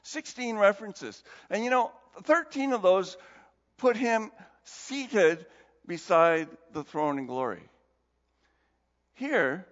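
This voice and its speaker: A male pastor gives a conversational, animated sermon in a high voice. The recording is dull and lo-fi, with a long hall reverb around him.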